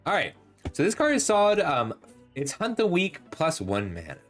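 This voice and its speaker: A man talks through a card set review in a lively, up-and-down voice, chatty and analytic, catching and fixing his own phrasing as he goes. His voice is a little worn from talking, and faint music plays underneath. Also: on the high side, moderate pace. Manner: chatty and analytic, with frequent ums and self-corrections. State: slightly losing his voice. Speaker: host reviewing game cards.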